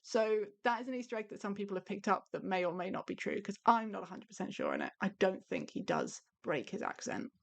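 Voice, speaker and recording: A woman's voice: mid-range voice, sing-song, a little fast, creaky, few pauses. A woman co-hosting a podcast in casual chat, recapping scenes with eager detail and many fillers. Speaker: podcast co-host.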